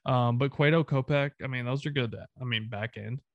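Southern male co-host, emphatic and profane, mid-pitched, dry recording. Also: normal speed, dry recording, highs cut off. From American South. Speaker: sports podcast co-host. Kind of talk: casual sports chat.

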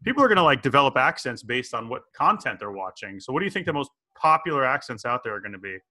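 A man in his forties hosts a podcast in an easygoing, jokey chat. His voice is bright and it rises and falls a lot as he talks. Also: medium pitch, quick pace. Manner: jokey, animated, slips into impressions. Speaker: podcast host. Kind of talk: casual chat.

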